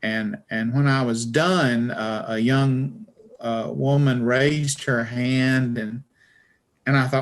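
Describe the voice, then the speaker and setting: A man's voice: medium pitch, slow. A man with a Southern Appalachian foothills accent, telling wry, folksy stories as an interview guest. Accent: Southern US, Alabama Appalachian foothills. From Alabama, American South. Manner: folksy, wry storyteller who acts out quoted voices. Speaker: author and journalist, interview guest. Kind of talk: relaxed storytelling in an interview.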